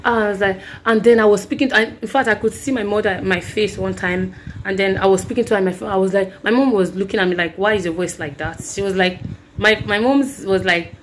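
A woman's voice: mid-range voice, fairly even intonation, brisk, slight background noise. A woman with a sore throat, earnestly recounting a dream and preaching, rambling with many restarts. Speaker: Christian vlogger.

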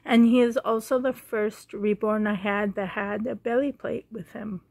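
A woman giving a casual show-and-tell vlog at home, speaking gently and fondly with frequent pauses and a slightly hoarse throat. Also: medium pitch, fairly even intonation, dry recording. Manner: gentle, pausing often, fond and chatty. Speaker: doll collector vlogger.

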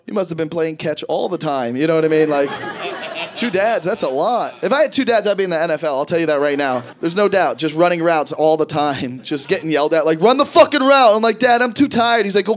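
A man performing a stand-up comedy set, telling stories animatedly and swearing freely, his voice jumping high and loud when he acts panicked. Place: stage in front of a live audience. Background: audience laughter.

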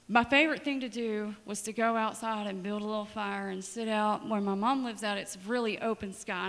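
High-voiced woman preaching. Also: long reverb tail. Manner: storytelling, lively and dramatic asides. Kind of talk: sermon. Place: church sanctuary.

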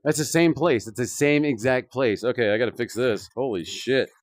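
Male streamer, casual game commentary, joking, swearing, middle pitch, dry close sound. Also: moderate pace, no room sound. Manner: joking, rambling, swears often. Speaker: streamer playing a VR shooter.

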